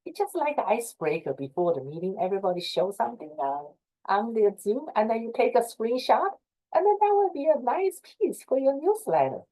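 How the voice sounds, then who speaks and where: This presenter, a middle-aged woman from China with a Chinese accent, speaks briskly in a fairly high, warm voice with big pitch swings, though the audio is poor. On a video call she gives informal advice to fellow association leaders, repeating herself earnestly and offering encouragement.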